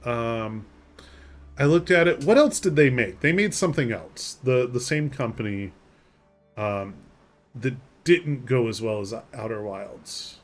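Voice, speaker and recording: A man talking casually on a live game stream, rambling along and poking fun at himself while he answers chat. His voice sits at an ordinary middle pitch, picked up close on a desk mic. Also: expressive, unhurried, soft background music. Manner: rambling, self-deprecating, reads chat aloud and answers.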